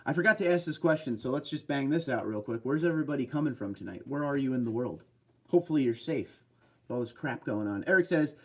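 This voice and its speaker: A man's voice: on the high side, animated, fast talker. A man hosting a casual livestream from a desk chair at home, chatty as he reads viewer comments aloud and answers them. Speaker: livestream host.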